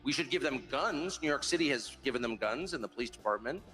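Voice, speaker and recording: A man interviewing a guest, earnest and questioning, with halting restarts. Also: medium pitch, expressive, bright, forceful tone, faint music behind. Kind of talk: interview conversation.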